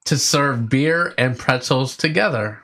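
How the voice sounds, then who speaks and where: A man's voice: mid-range voice, unhurried, sharp tone. A man running a quiz segment on a casual radio show, reading questions and announcing answers. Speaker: quiz host.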